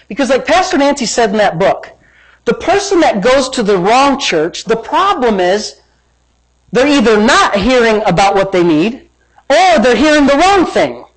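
A man's voice: very high voice, breathy edge, rough recording. A man pastor preaching a sermon, emphatic and repetitive, mixing playful family stories into his points.

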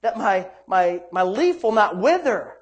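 A man's voice: high-pitched, big pitch swings, a little slow. A man preaching a sermon as pastor, fervent and exclaiming praise between verses.

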